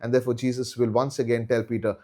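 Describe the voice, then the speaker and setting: A man's voice: mid-range voice, flat delivery, fast, darkish tone. A man teaching a Bible study in an earnest way, repeating key phrases for emphasis.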